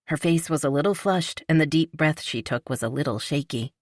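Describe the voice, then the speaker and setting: A woman narrating a romance audiobook in a calm, even storytelling manner. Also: low-pitched, fairly quick, no echo, studio quality. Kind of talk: scripted narration.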